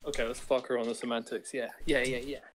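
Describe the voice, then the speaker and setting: A male player in a tabletop game who chats casually, hesitating and filling pauses as he talks. His mid-pitched voice carries a faint hiss behind it. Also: flat delivery.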